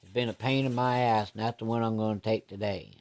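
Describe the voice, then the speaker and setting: A man's voice: fairly low pitch, steady tone, quick pace, a little mellow, natural voice. A man voicing a blunt, crude old country man who curses freely as he talks. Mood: gruff. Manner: coarse, cussing drawl.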